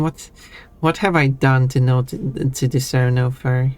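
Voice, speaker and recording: A man's voice: medium pitch, steady tone, slow pace, darkish tone, smooth, no room sound. Chatty man streaming. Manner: chatty, self-amused, restarts and trails off. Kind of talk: casual chat while gaming.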